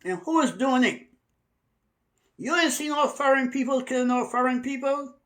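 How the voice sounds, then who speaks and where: High-voiced man preaching fierily. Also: a bit bright. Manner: emphatic, stretches key words slowly. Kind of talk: fiery preaching monologue.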